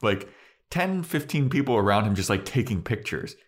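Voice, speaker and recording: A man co-hosting a podcast, casually recapping a TV episode in a rambling, filler-heavy way and slipping into quick character voices. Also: lowish voice, sing-song. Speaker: podcast co-host.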